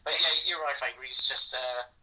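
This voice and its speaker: Man, podcast guest, enthusiastic casual chat, very bright, distant from mic. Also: mid-range voice, steady tone, moderate pace. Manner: enthusiastic, filler-heavy.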